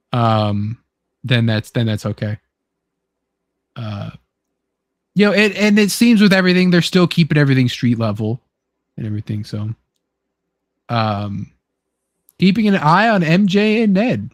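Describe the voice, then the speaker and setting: A man's voice: mid-range voice, expressive, measured pace, pauses often, dry recording, clean studio sound. A man hosting a casual chat who reads from a film script, rambling with many fillers and restarts. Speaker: host.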